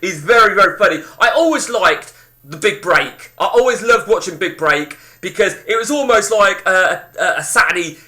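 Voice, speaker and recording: A man's voice: high-pitched, animated, moderate pace, bright, forceful tone. A man hosting casual gameplay commentary, chatting with viewers in a blunt, profane, ranting way. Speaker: host.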